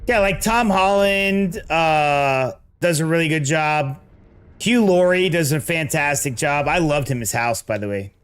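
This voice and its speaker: A man's voice: a little high, unhurried, a bit bright, clean tone. A man chatting casually with his viewers while playing a hard action game, joking and getting distracted mid-fight. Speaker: gaming streamer. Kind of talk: casual gameplay commentary with chat.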